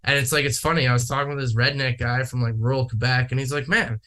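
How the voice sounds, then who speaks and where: A man's voice: medium pitch, flat delivery, quick pace, fairly bright tone. A man from Manitoba, Canada, chatting casually on a podcast, rambling with lots of fillers and swearing. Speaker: podcast guest. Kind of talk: casual chat.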